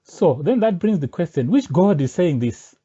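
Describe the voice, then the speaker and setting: Mellow-voiced man arguing insistently. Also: on the high side, big pitch swings, moderate pace, husky. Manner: argumentative and insistent, presses points step by step. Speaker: religious commentator. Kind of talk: spoken rebuttal addressed to a pastor. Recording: dull lo-fi recording.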